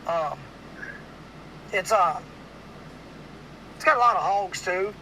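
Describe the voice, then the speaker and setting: A man from with a drawl tells a hunting story as host of a casual podcast, rambling and padding it with "like". His voice sits high, sharp and bright, with a gravelly edge. A faint hiss runs under the recording. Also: slow pace, poor audio. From Louisiana. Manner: rambling, animated storyteller with many "like"s.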